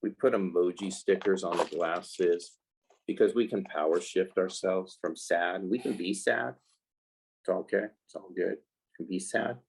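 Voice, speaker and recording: A man coaching kids' life skills, talking in a casual podcast interview with a low, husky, gravelly voice. He explains in an animated way and jumps into quoted voices as he goes. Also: a little slow, rough recording.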